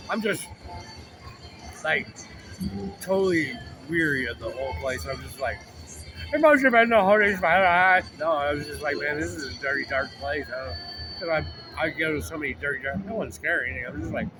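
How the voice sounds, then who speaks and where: Brief: man, slightly high voice, rambling profane storyteller, music clearly behind. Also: a little fast. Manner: rambling, profane, full of "like" and restarts. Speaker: vlogger.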